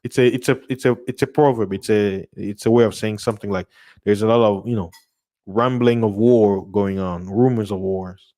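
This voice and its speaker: A man's voice: lowish voice, steady tone, normal speed, dark tone. A young man hosting a livestream, reading news articles aloud and breaking them down in a loose, rambling way, with frequent laughs and repeated words. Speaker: channel host reading news. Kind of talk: casual livestream commentary.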